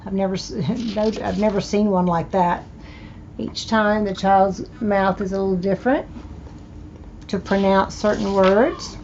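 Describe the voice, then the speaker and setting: Older Southern woman, slow and chatty. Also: mid-range voice, steady tone, darkish tone, muffled recording, slight background noise. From American South. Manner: chatty, delighted exclamations. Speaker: thrift haul host. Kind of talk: casual show-and-tell.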